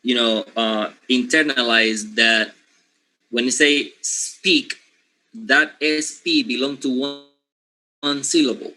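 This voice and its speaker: A man's voice: medium pitch, steady tone, slow, pushed and bright, low-quality recording. A man whose first language is Spanish, teaching phonetics to a class, asking questions and repeating words for emphasis. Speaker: linguistics teacher. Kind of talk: classroom lecture.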